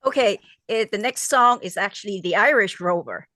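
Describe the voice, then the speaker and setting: A woman co-hosting a music podcast, giggly and animated in casual chat. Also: medium pitch, moderate pace, no echo. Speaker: podcast co-host.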